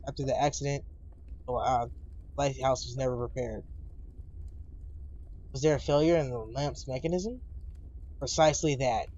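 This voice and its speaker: A man voicing a weary, guarded, blind old lighthouse keeper who tells his story in a halting, solemn way, recorded on dull lo-fi stream audio. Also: medium pitch, close to an everyday voice.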